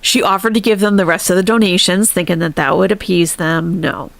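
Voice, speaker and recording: A woman's voice: on the low side, steady tone, a little fast, gravelly, no echo. A woman hosting a live stream, chatting casually and animatedly, laughing often and thanking viewers.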